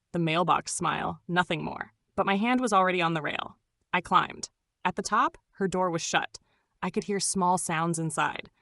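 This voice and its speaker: A woman's voice: lowish voice, a bit bright, no echo. A woman narrating a scripted first-person suspense story in a dramatic, suspenseful manner.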